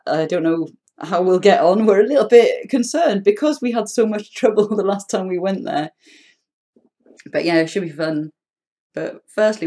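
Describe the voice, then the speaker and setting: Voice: mid-range voice, darkish tone. A host giving chatty, rambling gameplay commentary as a voice-over recorded at home. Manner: chatty, rambling, self-deprecating.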